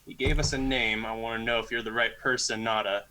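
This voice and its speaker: A man playing a blunt male sailor who bluffs his way through, talking in rough, casual slang. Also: mid-range voice, flat delivery, fairly quick, sharp tone, close to an everyday voice. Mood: probing.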